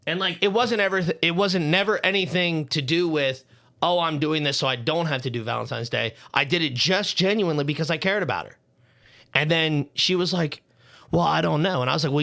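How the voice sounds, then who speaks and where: Young man, podcast co-host, angry profane rant, bright voice. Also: a little high, fairly quick, creaky. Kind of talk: heated casual podcast rant.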